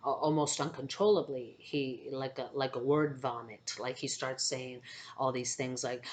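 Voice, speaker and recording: A woman with a notably low voice tells a spiritual story to her viewers. She speaks haltingly, with many fillers and restarts. She keeps checking in with "okay?". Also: fairly even intonation. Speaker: spiritual channeler and empath.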